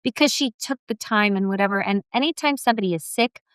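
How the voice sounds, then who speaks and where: A woman guest on a podcast, chatting about family in a relaxed, proud, storytelling way. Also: mid-range voice, fast talker, clean tone, dry recording, studio quality. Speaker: interview guest, mortgage lending executive. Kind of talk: casual conversational interview.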